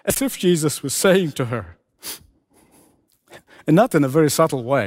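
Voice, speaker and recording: Impassioned high-voiced male preacher. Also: lively intonation, moderate pace, long pauses, a little mellow. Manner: impassioned, repetitive preaching cadence. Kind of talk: sermon.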